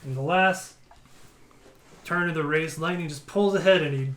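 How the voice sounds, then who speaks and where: A man's voice: on the high side, moderate pace, a bit bright. A man, a tabletop game player, telling a long shaggy-dog joke in a playful way, chuckling as he goes. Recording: roomy room with faint hiss.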